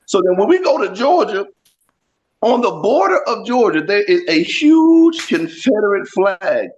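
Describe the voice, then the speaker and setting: A man doing stand-up over a video call, brash and crude, jumping from loud shouted bits to low mutters. His voice sits high for a man. The call audio is dull and muffled. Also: sing-song, unhurried. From Florida. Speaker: stand-up comedian.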